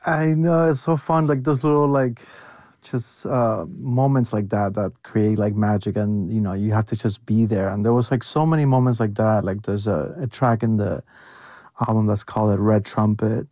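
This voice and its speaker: A man's voice: lowish voice, moderate pace, darkish tone, no echo. A young man who calls in to a radio interview, speaking casually and enthusiastically with many fillers. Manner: casual, heavy use of "like", enthusiastic. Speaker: interview guest, producer. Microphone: phone call-in.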